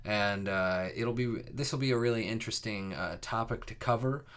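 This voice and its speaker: A man's voice: on the low side, normal speed, a bit bright, clear, resonant tone. A young man hosting a live coding stream, chatting casually with viewers in a rambling way, full of fillers and restarts before the lesson.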